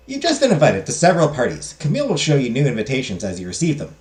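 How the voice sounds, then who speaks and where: Joking game streamer with a lively voice. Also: mid-range voice, fast, hardly any pauses. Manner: joking, self-mocking asides. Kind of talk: let's play commentary and reading game text aloud. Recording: roomy echo.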